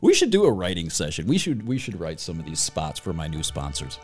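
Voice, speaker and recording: A man's voice: low-pitched, huge pitch swings, brisk. A man hosting a podcast, telling stories and ranting in crude, joking banter. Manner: profane, ranting, jokey. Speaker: podcast host. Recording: faint music bed behind.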